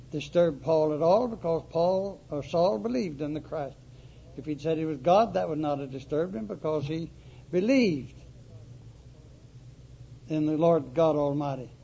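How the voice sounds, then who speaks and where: Man, preacher, sermon, emphatic, dull lo-fi recording, high-pitched. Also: warm tone, slightly rough. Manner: emphatic, slow, dramatic repetition.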